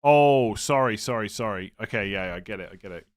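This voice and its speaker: Hosting a laid-back live stream, an English man with a lowish voice answers viewer questions briskly. He's tired and yawning, chatty and rambling, and often stops partway through a sentence.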